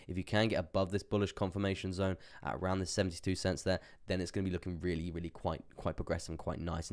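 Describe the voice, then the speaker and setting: A man's voice: deep voice, a little mellow. A young man hosting a crypto livestream, chatting casually about charts, laughing often and repeating himself as he reads the chat. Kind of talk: casual live market commentary.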